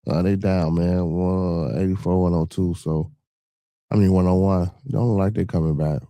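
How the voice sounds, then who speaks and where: A man with a Chicago accent hosts a podcast live stream, chatting loosely with viewers, swearing freely, and peppering his talk with "you know what I'm saying." His voice is deep and mellow with a steady tone and moderate pace, recorded with no echo.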